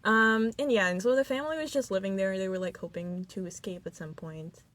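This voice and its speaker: A woman's voice: medium pitch, brisk, fairly bright tone, no echo. A young woman co-hosting a student radio podcast, chatting casually with lots of fillers and giggles. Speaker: podcast co-host.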